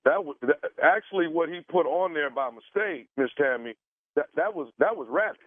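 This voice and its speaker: A man making a prank phone call for a radio show, halting and stammering with many fillers. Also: fairly high pitch, lively intonation, no room sound. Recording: dry tinny phone line.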